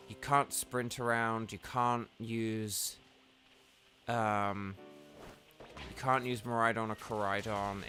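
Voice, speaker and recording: A tired, yawning man streams a game as a gaming livestreamer, giving casual commentary while he plays. His lowish voice sounds pushed and bright, and he rambles chattily, speaking directly to viewers.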